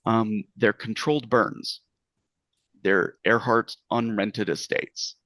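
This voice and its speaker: A man's voice: lowish voice, fairly even intonation, slow pace, fairly bright tone, no echo. A man narrating a tabletop game as game master, rambling with many fillers.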